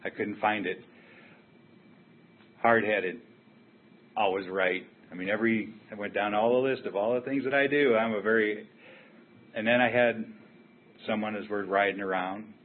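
A man's voice: lowish voice, fairly even intonation, normal speed, long pauses. An older man telling his own recovery story at a meeting, candid and blunt in a conversational way. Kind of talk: personal recovery share. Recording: tinny phone-like sound with faint hiss.

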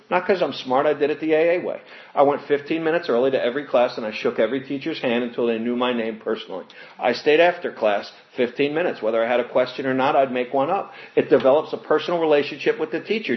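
Man, earnest testimony speaker, recovery story, mid pitch, slightly muffled recording. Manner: earnest storytelling, animated when quoting others, laughs with audience. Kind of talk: personal testimony talk.

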